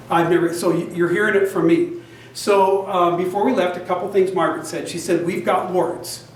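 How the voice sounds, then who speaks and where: High-voiced older man telling a story. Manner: animated, self-described big talker, acts out both sides of dialogue. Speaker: genealogy society presenter. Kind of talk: storytelling talk to an audience. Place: meeting room with an audience. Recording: very echoey room, mic at a distance.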